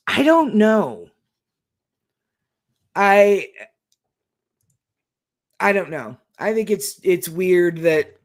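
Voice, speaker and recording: A woman co-hosting a casual chat show, rambling and hedging with lots of fillers. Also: fairly low pitch. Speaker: podcast co-host.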